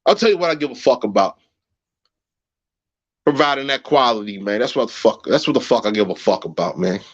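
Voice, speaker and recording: A man hosting a heated livestream rant, profane and agitated. He repeats phrases and swings from low mutters to high shouts. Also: lively intonation, a little fast. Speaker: livestream host. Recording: muffled lo-fi livestream audio.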